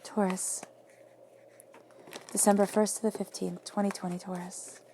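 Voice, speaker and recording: A woman giving a spoken tarot reading, emphatic and affirming, often dropping into soft whispers. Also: mid-range voice, level tone, unhurried, noisy background. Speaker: tarot reader.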